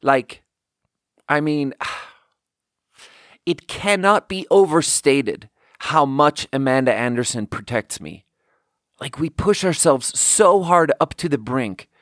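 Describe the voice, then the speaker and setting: A man's voice: on the high side, slow pace, pauses often, dry recording, clean studio sound. A man casually telling a story as a podcast host, acting out the dialogue and rambling with lots of fillers. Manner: animated, acts out quoted dialogue. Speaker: podcast host and bar manager.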